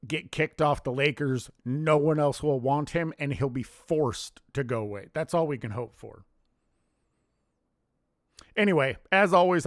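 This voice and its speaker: Man, angry sports vlogger, cursing rant, slightly high-pitched, dry close sound. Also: dry recording. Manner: heated, profane, contemptuous ranting.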